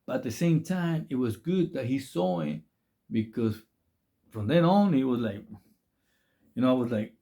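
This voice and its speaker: A man's voice: mid-range voice, big pitch swings, normal speed, pauses often, dark tone. A man who did time, telling prison stories in casual, profane, slang-filled talk with lots of restarts. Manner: rambling, slang-heavy, profane, many restarts. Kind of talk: casual storytelling.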